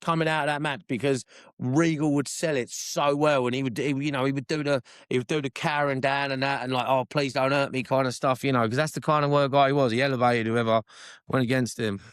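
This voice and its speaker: A man with a Cockney accent co-hosting a wrestling podcast, chatting casually in long, excitable, rambling stretches and swearing freely. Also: mid-range voice, quick pace, smooth, dry recording, clean studio sound. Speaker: podcast co-host. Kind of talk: casual chat.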